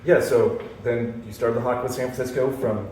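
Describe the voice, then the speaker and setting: A man's voice: medium pitch, fairly even intonation, normal speed, a little mellow. A man hosting an interview, asking short questions and giving brief, agreeable prompts. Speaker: interview host. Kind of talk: casual interview. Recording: echoey room from a distance, faint background noise.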